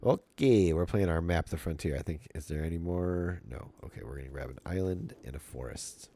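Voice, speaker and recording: A man's voice: deep voice, moderate pace, warm tone, a little hiss or hum. A middle-aged man streaming a card game, chatting casually and goofily to his viewers with jokey asides. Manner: goofy, self-mocking, jokey asides to chat.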